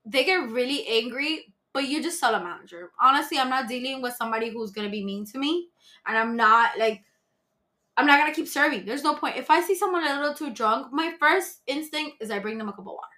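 A woman's voice: sits high, animated, fairly quick, sharp tone. A woman who works as a restaurant server, chatting casually as a podcast guest about handling drunk customers. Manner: chatty, explains plainly, frequent fillers.

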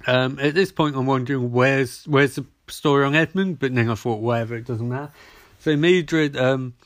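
A man's voice: mid-range voice, moderate pace, dry recording. Rambling, foul-mouthed man in a dry room. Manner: rambling, profane, loses track. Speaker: podcast host. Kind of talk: casual TV episode recap.

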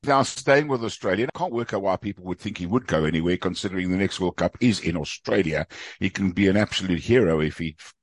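A man with a somewhat low voice hosts a sports podcast interview. He talks conversationally and leads into questions for his guest. The recording is dry and close. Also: fast talker, dry recording. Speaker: podcast host.

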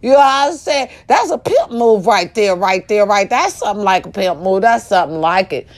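A woman's voice: medium pitch, animated, normal speed. A woman talking casually to her viewers, telling a story with profanity and sudden shrieks. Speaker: vlogger.

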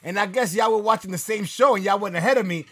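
A man co-hosting a casual podcast, chatting quickly and laughing often. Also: high voice, a bit bright, dry recording. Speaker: podcast co-host. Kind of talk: casual profane chat.

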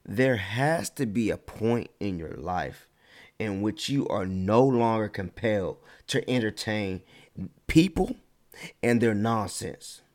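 A man giving a casual motivational talk, animated, stretching words for emphasis and mocking his critics. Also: on the low side, slow pace.

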